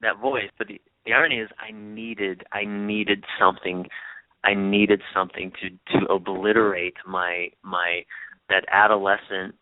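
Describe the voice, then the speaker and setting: An earnest man speaking as an interview guest, circling back and repeating words as he thinks. His voice sits low and sounds dry, heard over a narrow, phone-like line. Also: steady tone, a little slow, dry recording. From United States. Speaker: guest, author and relationship coach. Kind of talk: reflective interview talk.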